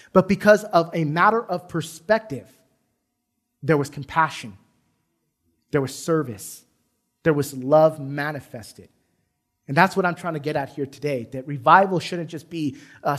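A man preaching. His voice sits fairly high, and his talk moves between emphatic points and relaxed, chatty storytelling. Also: normal speed. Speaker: pastor. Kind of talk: sermon. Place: church sanctuary.

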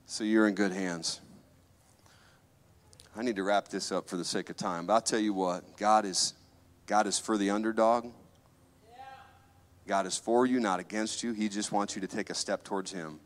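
A man's voice: fairly low pitch, fairly even intonation, moderate pace, pauses often. Fervent preacher man in a reverberant hall. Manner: fervent, repeats phrases, swings from loud preaching to quiet confiding. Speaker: pastor. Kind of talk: sermon.

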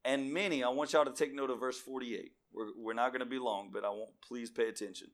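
A man delivers a sermon in a bright, forceful voice. He reads scripture and calls out to his congregation as he preaches. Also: medium pitch, steady tone, a little fast.

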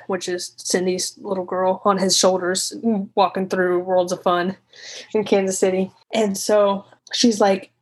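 A woman in a medium voice recounts a frightening night in her own words. She talks in an unscripted, halting way, restarting sentences and swearing at times. She retells whole conversations, slipping into what each person said. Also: mid-range voice, rough recording. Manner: retells conversations in quoted speech. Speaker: guest telling a personal story.

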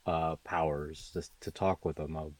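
Deep-voiced hesitant male player. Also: level tone, darkish tone, dry recording. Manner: hesitant, halting, many fillers. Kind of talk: casual tabletop game play.

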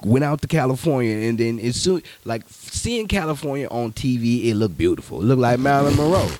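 A man from Louisiana hosting a podcast, telling stories in a profane, animated way with lots of restarts. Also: mid-range voice, fairly quick, no echo. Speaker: podcast host. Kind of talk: casual podcast chat.

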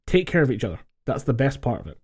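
A man's voice: medium pitch, sing-song, fast talker, a little mellow, slightly rough. Scottish guy on a podcast call, keeps laughing, swears a lot, regular middle voice. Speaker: podcast co-host. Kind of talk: casual chat. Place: home, recorded over a voice call.

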